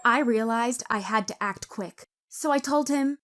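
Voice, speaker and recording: A woman narrating a first-person story in a dramatic, expressive way. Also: a little high, a little slow, soft background music.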